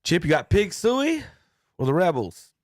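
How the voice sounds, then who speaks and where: A man's voice: high-pitched, sing-song, a little slow, dry recording, studio quality. A man hosting a casual sports talk show, joking and laughing as he runs through picks. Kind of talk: casual sports radio banter.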